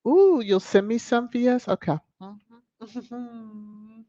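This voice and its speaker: A woman's voice: mid-range voice, fairly even intonation, slow, mellow, no echo, muffled recording. A woman hosting a casual livestream, chatting and greeting viewers by name as she reads their comments aloud. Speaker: channel host.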